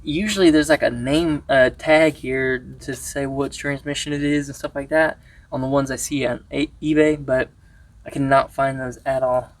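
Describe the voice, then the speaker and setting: A man's voice: medium pitch, fairly even intonation, moderate pace, reverberant, recorded from a distance. A man casually talking through a truck repair, rambling with lots of fillers and restarts. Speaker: YouTuber restoring a truck. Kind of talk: casual workshop how-to vlog.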